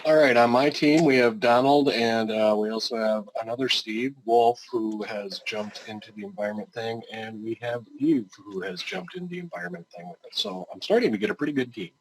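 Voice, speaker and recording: A man's voice: medium pitch, brisk, hardly any pauses, a little hiss or hum, rough recording. A man talking casually on a laptop during an online class meeting, in an easygoing, playful way. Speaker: class participant, team lead. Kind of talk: casual call talk.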